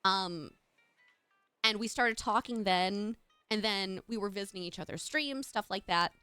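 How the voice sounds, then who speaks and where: A woman's voice: mid-range voice, a little slow, bright, forceful tone, smooth, no room sound, faint music behind. A woman streamer chatting casually with her live chat while playing a game. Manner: chatty, bubbly, talks to chat.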